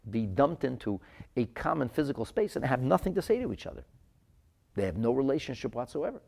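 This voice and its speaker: Animated gravelly-voiced man teaching. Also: mid-range voice. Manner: animated, repeats words while searching for phrasing. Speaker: rabbi teaching Chassidus. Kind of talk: live-streamed Torah class answering viewer comments.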